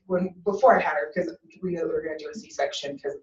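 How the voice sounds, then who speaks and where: A woman's voice: low voice, quick pace. A woman student recounts a personal story to the class, animatedly acting out each exchange. She is heard from a distance in an echoey room. The sound is dull and lo-fi. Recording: dull, roomy, from a distant mic.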